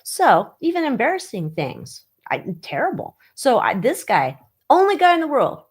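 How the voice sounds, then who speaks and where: A woman hosting a casual livestream, mocking and gossipy, with loud exclamations, talking into her webcam. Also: high voice, wildly swooping pitch, normal speed, breathy edge. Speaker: livestream host reading tarot on tabloid stories.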